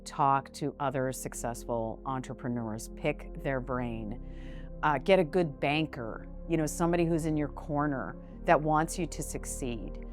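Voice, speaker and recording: A woman's voice: extremely low pitch, measured pace, faint music behind. A woman who owns a small business, talking frankly and animatedly in a casual interview and using fillers like "like" and "you know". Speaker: business owner, interview guest.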